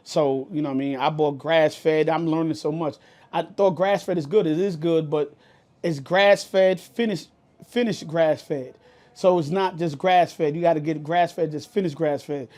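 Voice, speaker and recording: A man with a New York accent co-hosting a podcast, telling a story in a loud, animated, profane way. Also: fairly high pitch, measured pace. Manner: animated, profane, gets loud and heated retelling anecdotes. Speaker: podcast co-host. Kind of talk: casual podcast chat, storytelling.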